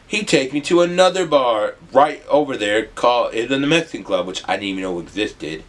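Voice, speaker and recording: A young man from the US Midwest, telling a rambling, animated storytime with some swearing. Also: medium pitch, fairly quick. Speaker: vlogger. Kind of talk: casual storytime.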